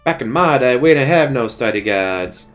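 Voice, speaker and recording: A man voicing a gruff, middle-aged drill-sergeant history teacher from a game, barking insults at his class. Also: medium pitch, expressive, moderate pace, faint music behind, voice pushed up, lightly acted.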